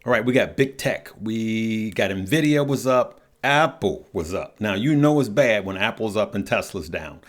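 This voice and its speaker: A man's voice: lowish voice, lively intonation, moderate pace, hardly any pauses. A man hosting a casual stock market show, upbeat and chatty, drawling "y'all" and "good people" at his viewers. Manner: upbeat, chatty, laughs at the news.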